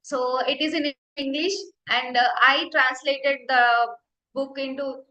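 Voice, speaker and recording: A young woman with an Indian accent tells an earnest, heartfelt story from her spiritual practice. Her high voice has a bright, forward edge. The recording carries a noticeable room echo. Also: steady tone, a little slow. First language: Telugu. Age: young adult. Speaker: meditation teacher. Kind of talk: personal testimony talk. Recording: roomy echo.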